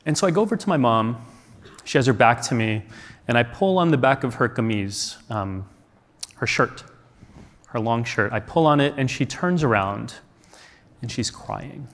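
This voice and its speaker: A man's voice: mid-range voice, expressive, normal speed, pauses often, a bit bright. Earnest man speaking in a reverberant hall. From United States. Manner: earnest, reflective, asks rhetorical questions. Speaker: conference speaker. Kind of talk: storytelling talk on stage. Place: large conference hall.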